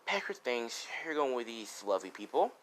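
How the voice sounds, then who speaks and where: A blunt, dismissive orphanage caretaker who speaks in a hushed, flat way, as a man plays it. The tone is bright and a little raised. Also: mid-range voice, brisk, a little hiss or hum.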